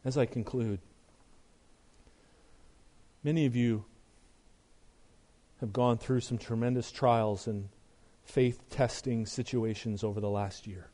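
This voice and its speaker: A middle-aged male pastor preaching a sermon, emphatic, asking rhetorical questions and dropping to a soft, earnest tone. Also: medium pitch, steady tone, slow, pauses often.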